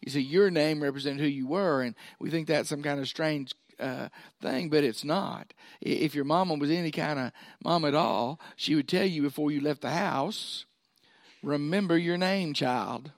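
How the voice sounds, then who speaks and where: A man's voice: on the high side, normal speed, no room sound, studio quality. A man preaching a sermon, folksy and often checking in with his listeners. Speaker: pastor.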